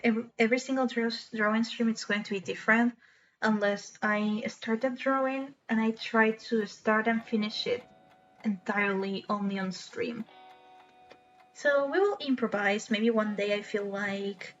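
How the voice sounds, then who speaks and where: A woman's voice: fairly high pitch, fairly even intonation, moderate pace, faint music behind. A young woman streaming live, chatting earnestly and emotionally with small laughs and many restarts. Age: young adult. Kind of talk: casual live-stream chat. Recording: slightly dull lo-fi stream audio.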